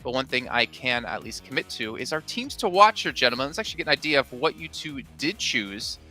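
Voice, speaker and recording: A man's voice: mid-range voice, very animated, brisk, sharp tone, faint music behind. A man hosting an esports analyst desk, chatty and teasing as he passes questions to the panel.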